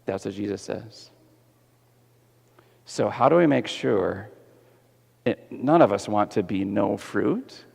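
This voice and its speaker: Animated preacher in an echoey hall. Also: male voice, lowish voice, slow pace, creaky, pauses often, breathy edge. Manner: animated, asks the congregation questions. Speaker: pastor. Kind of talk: sermon. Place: church sanctuary.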